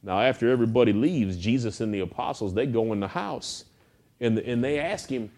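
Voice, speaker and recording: A pastor preaches, voice sitting in an ordinary middle range. He tells stories in a folksy, animated way. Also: medium pitch, brisk. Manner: folksy, animated storytelling with acted quotes. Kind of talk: sermon.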